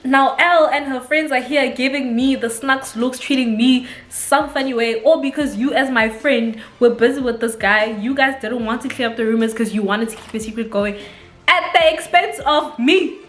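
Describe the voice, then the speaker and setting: A woman from South Africa with a South African accent, telling a story in a casual, animated vlog and laughing often. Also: sits high, normal speed, echoey room, faint music behind. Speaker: vlogger.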